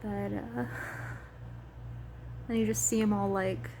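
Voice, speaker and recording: A woman's voice: medium pitch, little pitch movement, slow pace, noisy background. Rambling emotional woman vlogger. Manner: rambling, emotional, many fillers and restarts. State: tearful at times. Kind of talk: casual chat about a video game.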